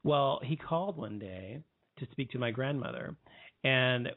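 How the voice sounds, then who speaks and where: Man in his thirties, mid-pitched voice, rambling and heated, lots of restarts, tinny phone-like sound, dry and close. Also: animated, a little slow, no echo. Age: 30s. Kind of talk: personal commentary monologue.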